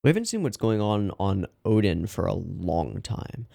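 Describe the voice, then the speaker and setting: A man's voice: lowish voice, normal speed, gravelly. Chatty man reacting to anime. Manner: chatty, rambling, loud excited outbursts. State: yawning, sleepy. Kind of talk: casual reaction commentary.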